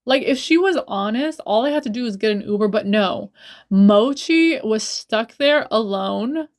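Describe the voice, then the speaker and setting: A woman's voice: fairly high pitch, animated, measured pace. A young woman livestreaming a casual storytime, blunt and profane, heated and repeating herself for emphasis. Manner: blunt and profane, swears a lot.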